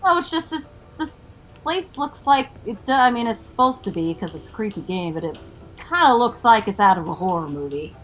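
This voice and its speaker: A woman's voice: mid-range voice, very animated, a little fast, poor audio. A woman co-streaming a game, chatting casually and adding wry jokes. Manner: wry, joking commentary. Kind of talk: casual chat while gaming.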